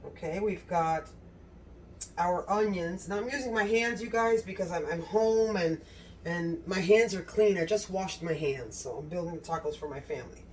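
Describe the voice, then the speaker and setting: A woman hosting a home cooking video in her kitchen, gushing with excitement and talking straight to her viewers in a casual way. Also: fairly low pitch, normal speed, recorded from a distance, a little hiss or hum, poor audio. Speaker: cooking channel host.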